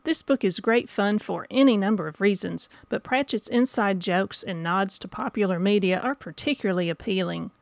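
A woman reading a scripted audiobook review in an even manner. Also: mid-range voice, normal speed, vocal fry, hardly any pauses, no room sound. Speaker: book reviewer.

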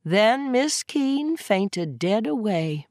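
Casting: female audiobook narrator, animated and unhurried, suspenseful. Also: mid-range voice, no room sound, studio quality. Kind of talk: dramatic story reading.

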